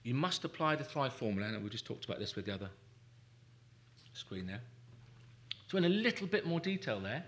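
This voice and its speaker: A man's voice: mid-range voice, big pitch swings, fairly quick, long pauses, a bit bright, slight background noise. A man presenting a live seminar workshop in a lecture room, talking emphatically, repeating key phrases and acting out anxious inner thoughts. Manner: emphatic, repetitive, acts out anxious inner voices.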